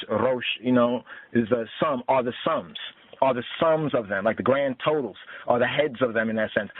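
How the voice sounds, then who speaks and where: A man's voice: a little high, dry recording. A man teaching scripture in a podcast sermon, thinking aloud and repeating words as he explains them. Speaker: Bible teacher. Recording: dry, tinny phone-like sound.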